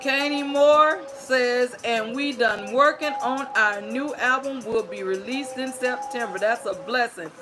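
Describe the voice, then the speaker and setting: A woman's voice: a little high, measured pace, hardly any pauses, music in the background. A woman hosting a livestream storytime, greeting viewers by name and reading their chat messages aloud. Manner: greets viewers warmly by screen name, playful and sing-song.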